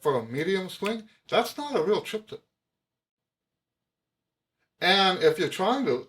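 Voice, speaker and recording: A man's voice: fairly high pitch, fairly bright tone. A man teaching jazz trumpet to camera, emphatic, repeating his key points with frequent restarts. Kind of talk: explaining music to camera.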